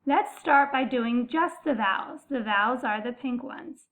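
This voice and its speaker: A woman teaching a phonics lesson, saying each sound slowly and stretching it out for young learners. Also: a little high, lively intonation, fairly bright tone. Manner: slow, deliberate, stretching out sounds. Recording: phone-like narrow sound.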